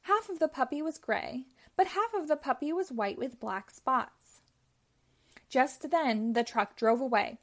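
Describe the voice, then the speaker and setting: A woman reading a children's storybook aloud, telling it clearly and expressively. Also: high-pitched, measured pace. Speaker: storybook reader.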